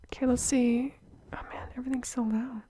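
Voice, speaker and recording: A young woman doing soft-spoken ASMR, often dropping into whispers on a close microphone. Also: fairly high pitch, little pitch movement, fairly quick, breathy edge, dry recording. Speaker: ASMR creator.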